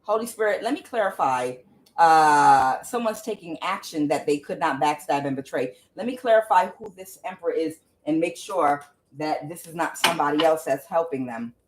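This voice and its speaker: A faint hiss or hum sits under this low-pitched, expressive woman's voice, which moves at normal speed. She's a tarot reader in a casual session, blunt and profane, calling on the Holy Spirit as she reads.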